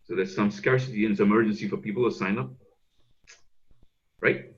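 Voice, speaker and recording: A man's voice: fairly low pitch, fairly even intonation, normal speed, lo-fi sound. A man coaching on a video call as a speaker trainer, emphatic and repeating words to push his points.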